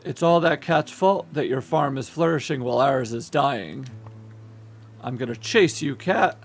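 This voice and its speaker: A man's voice: mid-range voice, a little slow. A man voicing a grumpy, spiteful male rival farmer who blusters and threatens in a game.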